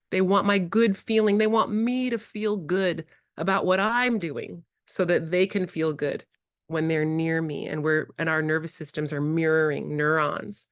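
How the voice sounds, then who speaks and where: A woman presenting a childcare workshop, who acts out playful exchanges with children in bright, high voices. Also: no echo, studio quality. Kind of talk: early childhood workshop talk. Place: indoor workshop room.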